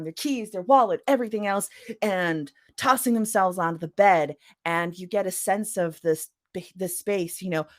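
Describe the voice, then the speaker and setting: A woman author, a guest on an interview show, chatting casually about the craft of writing. She laughs often and fills her talk with "you know". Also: fairly low pitch.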